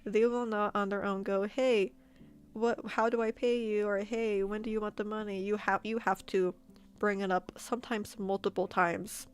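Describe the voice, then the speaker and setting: A woman streamer and artist telling a story to her chat in a casual, animated way, laughing often and repeating words. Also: medium pitch, moderate pace, clear, resonant tone. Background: faint background music.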